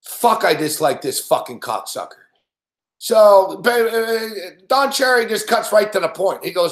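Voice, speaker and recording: A man's voice: sits high, lively intonation, unhurried. Profane, ranting man in an echoey room. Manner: mocking impressions of others. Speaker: host. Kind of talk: ranting sports betting commentary.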